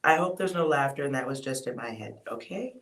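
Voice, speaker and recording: Tarot reader, casual reading, blunt delivery, occasional swearing, mid-pitched, quiet sighing asides. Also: lively intonation, brisk, slight background noise.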